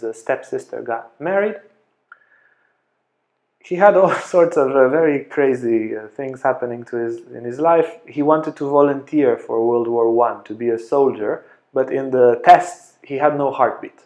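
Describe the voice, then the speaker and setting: A man giving a lecture as a yoga teacher, telling stories in a lively way and acting out the voices of people in them. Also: medium pitch. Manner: animated storyteller, acts out quoted voices. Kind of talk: storytelling lecture. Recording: echoey room.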